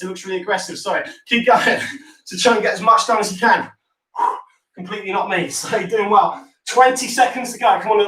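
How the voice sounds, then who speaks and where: A man's voice: high-pitched, fairly bright tone. A man from the UK coaching a home workout, encouraging and joking as he counts down reps. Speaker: fitness instructor. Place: room at home. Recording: roomy sound, mic at a distance.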